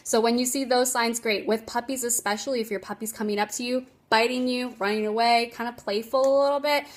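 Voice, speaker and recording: A woman's voice: a little high, steady tone, brisk. A woman dog trainer giving casual tips on a phone livestream, chatty and emphatic, laughing often.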